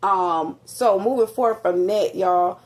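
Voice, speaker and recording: A woman with a grown son, casually telling her viewers a story, rambling and animated with many fillers, in a nearly empty apartment with a slight echo. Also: mid-range voice, a little slow. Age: adult with a grown son. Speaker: vlogger.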